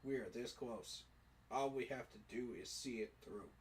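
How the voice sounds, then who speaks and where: A man's voice: mid-range voice, normal speed, slight background noise. A man giving an emotional, preacher-like fan monologue, repeating his phrases for emphasis. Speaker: sports fan commentator.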